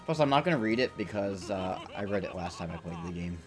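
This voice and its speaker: A man's voice: low voice, expressive, quick pace. A man streaming a game, chatting in a rambling, self-deprecating, joking way. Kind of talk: let's play commentary. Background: game music.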